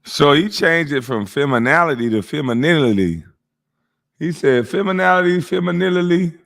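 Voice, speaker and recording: A man at a middle pitch rants over a clip he is watching. He swears constantly, mocks the person on screen and breaks into laughter, in loose live-stream commentary. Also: lively intonation, moderate pace, fairly bright tone. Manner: mocking, laughing, swears heavily.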